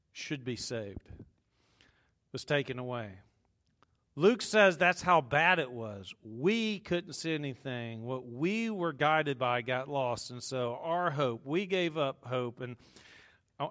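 A man preaching a sermon to a congregation, swinging between hushed, slow passages and loud, emphatic bursts, with jokes to the crowd. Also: a little high. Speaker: pastor.

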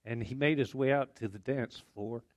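A man's voice: mid-range voice, normal speed, dry recording. A man preaching a sermon as pastor in a church, folksy and conversational with small jokes. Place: church sanctuary.

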